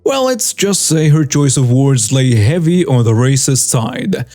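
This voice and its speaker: Mellow, dry-voiced male story narrator. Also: mid-range voice, sing-song, unhurried, no room sound, soft background music. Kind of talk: scripted narration of reader stories.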